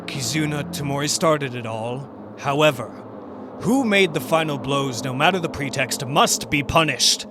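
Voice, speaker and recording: Man voicing a clinical, calculating student accuser; fan-dub read, higher male tone, noisy home recording. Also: lightly acted. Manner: measured, clinical, lecturing.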